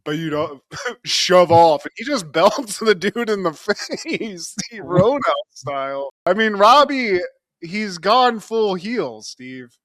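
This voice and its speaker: A man's voice: sits high, big pitch swings, slow, bright, forceful tone, no room sound, clean studio sound. A man co-hosting a podcast, giving a casual, joking recap and often calling his co-host by name.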